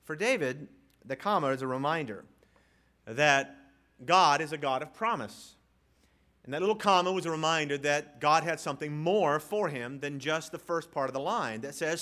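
Emphatic preacher man, loud then hushed. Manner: emphatic, swinging from loud declarations to hushed low lines; reads scripture aloud with deliberate slow pauses. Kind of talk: sermon. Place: church sanctuary.

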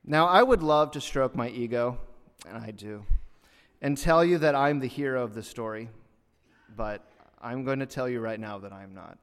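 A man preaching a sermon, telling a story in an animated way and rising loud and high at the punchlines. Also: moderate pace. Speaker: pastor. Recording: long reverb of a hall.

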